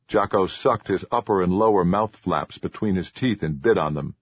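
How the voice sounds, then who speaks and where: A man narrates a horror novel in a low, husky voice and a measured rhythm. The recording is dry and a bit dull, like a home setup. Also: no room sound. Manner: measured, even storytelling. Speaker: audiobook narrator. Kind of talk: scripted narration.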